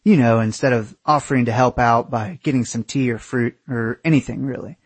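A young man reads a first-person travel story in a crude, wry storytelling manner. His voice is somewhat husky and sits at a middle pitch. It is recorded dry and close. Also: fairly quick, no room sound. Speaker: narrator.

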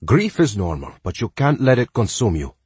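A man voicing a kindly older male cemetery groundskeeper with a heavy Spanish accent, talking in a warm, philosophical way. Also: medium pitch, big pitch swings, normal speed, husky, dry recording, pitched above the performer's own voice. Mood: gentle. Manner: warm, philosophical, gently coaxing.

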